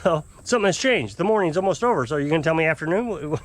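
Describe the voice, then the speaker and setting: A man telling a long, exasperated story to camera in a rambling, casual way. He mimics his customers in high, put-on voices. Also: big pitch swings, fairly quick, a little hiss or hum. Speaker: off-grid homesteader fixing small engines.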